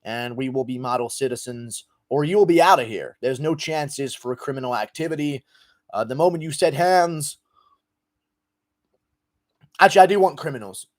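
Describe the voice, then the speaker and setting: Dude streaming, thanking donors, chill and rambly, swears a lot, ordinary mid voice. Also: male voice, medium pitch, moderate pace. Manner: laid-back, profane, rambling with fillers. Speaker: livestream host reading donations. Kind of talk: casual livestream chat.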